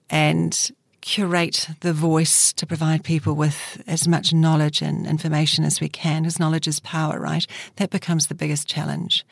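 A middle-aged New woman speaks as an interview guest, her fairly low voice carrying a gravelly edge. She talks thoughtfully, with frequent fillers and restarts. The sound is close and dry. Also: dry recording. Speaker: journalist guest. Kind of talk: reflective interview talk.

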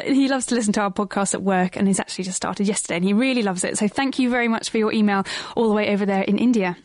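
A woman's voice: fairly high pitch, a little mellow, no room sound. A woman co-hosting a science radio show, chatting casually and thinking aloud, often correcting herself. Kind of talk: casual studio chat answering questions.

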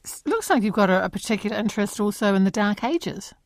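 A woman hosting a radio interview, asking brisk, friendly questions. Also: mid-range voice, expressive, dry recording. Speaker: radio host.

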